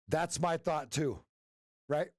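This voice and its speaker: A man's voice: high-pitched, vocal fry, a bit bright, dry recording, studio quality. A man hosting a live trading stream, chatting casually and joking with viewers, laughing often.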